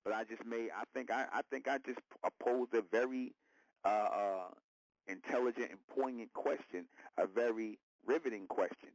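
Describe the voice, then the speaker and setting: A man's voice: mid-range voice, fairly even intonation, moderate pace, no room sound, poor audio. A man hosting an internet radio show, lecturing his listeners in a repetitive, confrontational monologue. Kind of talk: preaching monologue.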